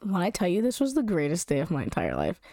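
A young woman telling a story in casual, animated chat, slangy and giggly with lots of "like". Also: on the low side, fast talker, no echo, studio quality.

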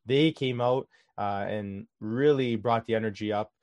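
A man co-hosting a casual football talk show, giving animated analysis with lots of "uh" and "um". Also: lowish voice, a little slow, dry recording. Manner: animated, filler-heavy analysis. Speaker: co-host.

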